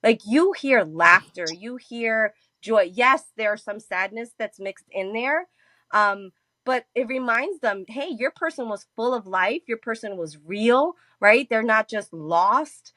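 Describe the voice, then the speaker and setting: A woman's voice: a little high, lively intonation, slow, no room sound. A woman speaking as a guest from a grief support nonprofit, talking in an earnest conversational way and often asking "right?". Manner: warm, earnest, often adds "right?" and "you know". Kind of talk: conversational interview.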